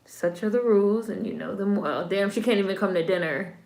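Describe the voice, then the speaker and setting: Vlogger, woman; casual wry reaction talk, medium pitch, roomy echo. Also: brisk, gravelly, darkish tone. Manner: chatty, wry asides with slang. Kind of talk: casual movie-watching commentary.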